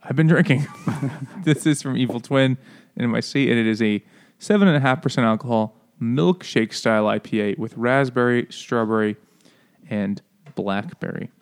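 A man's voice: medium pitch, normal speed. Joking, profane podcast co-host man. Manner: joking, profane, laughs often. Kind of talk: casual chat over beers.

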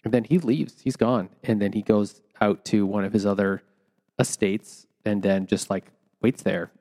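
A man co-hosting a casual book discussion podcast, retelling the plot and acting out lines in quick quoted voices. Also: fairly low pitch, steady tone, dark tone. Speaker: podcast co-host. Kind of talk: casual book-club chat.

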